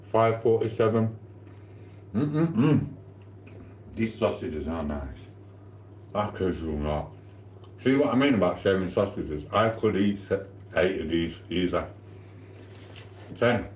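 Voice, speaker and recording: A man's voice: sits low, lively intonation, a little slow, pauses often, roomy sound, slight background noise. A man hosting a casual live stream from his kitchen, rambling and cheekily flirting with his chat while eating. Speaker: livestream host. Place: home kitchen.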